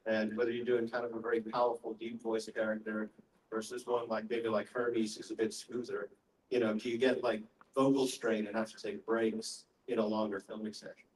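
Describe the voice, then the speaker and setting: A man's voice: fairly low pitch, little pitch movement, normal speed, a little hiss or hum. Male fan asking a meandering question, heard from afar in a reverberant room. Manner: long, rambling question that circles back on itself. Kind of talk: audience Q&A. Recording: echoey hall, voice heard from far off.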